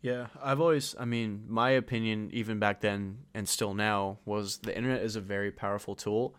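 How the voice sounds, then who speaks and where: A man's voice: lowish voice, steady tone, moderate pace, fairly bright tone, smooth. A young man co-hosting a podcast in casual chat, laughing often and cursing freely. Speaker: podcast co-host.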